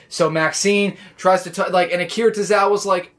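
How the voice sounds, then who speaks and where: A man recapping a wrestling show in a casual, excitable, rambling way, full of "like" and restarts. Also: high voice, brisk, hardly any pauses. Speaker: wrestling reaction vlogger.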